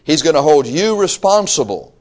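Man preaching a sermon, high voice, emphatic, shouts then drops low, reads scripture. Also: big pitch swings, normal speed. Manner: emphatic, swinging from low asides to shouted exhortation; reads scripture aloud and acts out listeners' excuses.

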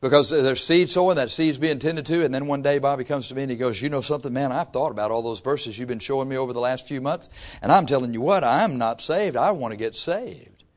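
A pastor preaching to his congregation, swinging from loud rises to soft asides. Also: medium pitch, quick pace. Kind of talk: sermon. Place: church before a congregation.

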